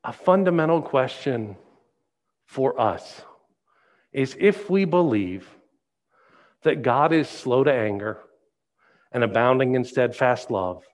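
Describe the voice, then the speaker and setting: Male pastor, sermon, animated storyteller, mid-pitched voice. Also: slow pace, long pauses.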